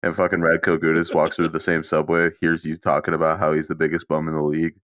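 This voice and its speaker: Very deep-voiced deadpan man. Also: quick pace, no room sound, clean studio sound. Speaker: podcast co-host. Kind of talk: casual chat.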